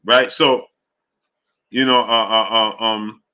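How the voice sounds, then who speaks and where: A man hosting a casual boxing livestream, rambling loosely between fan shout-outs and fight talk. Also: fairly low pitch, steady tone, slow, a little hiss or hum. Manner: loose, rambling, drifts off track. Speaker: host of a live boxing show. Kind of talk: casual livestream chat reading super chats.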